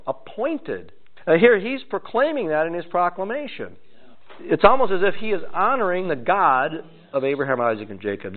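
A man preaching an expository sermon, with pointed asides to his listeners. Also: a little high. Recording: tinny phone-like sound.

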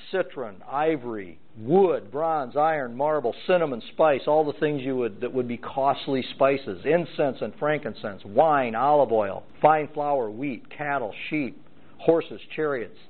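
A man preaching a verse-by-verse Bible teaching sermon, stressing each item in a list as his voice rises and falls. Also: mid-range voice. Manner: emphatic, lists items with rising and falling stress. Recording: tinny phone-like sound.

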